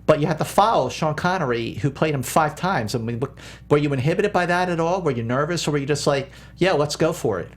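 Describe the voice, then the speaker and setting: A man's voice: on the high side, expressive, fairly quick, hardly any pauses. A man co-hosting a podcast, politely breaking in to ask questions. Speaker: podcast co-host. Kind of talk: interview questions.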